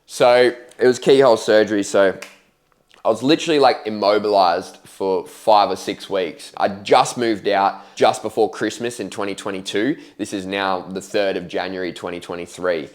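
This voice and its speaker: In a vlog about his life, a young man speaks to camera at a normal speed, his voice a little low. His casual storytelling is candid and slangy, with free swearing as he acts out what he said and thought at the time.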